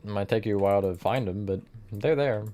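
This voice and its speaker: A man's voice: on the low side, fairly quick, warm tone. A man streaming live, chatting casually with his viewers while he builds, often laughing at his own slips. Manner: chatty, self-mocking, answers chat mid-task.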